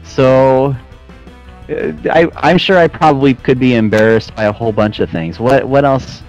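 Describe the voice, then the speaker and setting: A man's voice: medium pitch, moderate pace, a little mellow, lo-fi sound, soft background music. A man chatting casually as a podcast guest, telling a story with lots of laughing and "dude" and "man". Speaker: podcast guest, flight sim air traffic controller.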